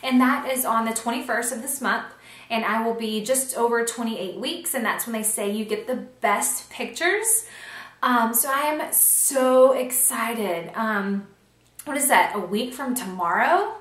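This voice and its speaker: This pregnant vlogger talks at a normal speed in an animated, fairly bright voice on the high side, with a roomy sound. It's casual chat recorded on a handheld camcorder in her small home nursery, full of ums and little laughs.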